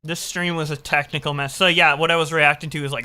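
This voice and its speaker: A streamer reacting to an old video of their own stream, excitable, swearing and self-mocking. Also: medium pitch, fast. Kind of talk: casual reaction commentary.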